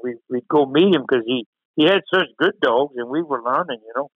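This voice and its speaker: A man's voice: mid-range voice, brisk, breathy edge, no echo, phone-quality sound. A man with a Cajun accent telling a folksy story as a podcast guest. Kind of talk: casual storytelling.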